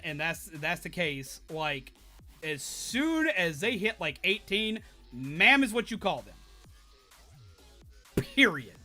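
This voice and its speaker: A man's voice: sits high, bright, forceful tone. A man with a Southern US accent, a streamer, telling a story in a casual chat full of swearing and laughs. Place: home streaming setup.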